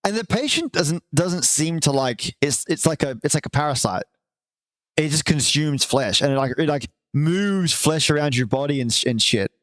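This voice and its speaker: A man hosting a livestream in a loose, affectionate chat style, teasing viewers and reading entries aloud. His voice sits a touch high for a man, and the sound is dry and close to the mic. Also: lively intonation, normal speed, a bit bright, no room sound. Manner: chatty, affectionate to viewers, swears casually. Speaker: livestream host. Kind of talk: casual live-stream chat and reading.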